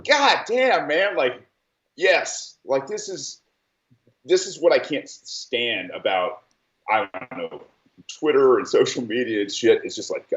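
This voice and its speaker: A man's voice: medium pitch, animated, unhurried, a bit bright. Roomy, distant man telling heated stories. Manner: heated, profane storytelling with exaggerated quotes. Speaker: podcast host, military veteran. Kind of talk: casual chat. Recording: roomy, distant, dull-sounding mic.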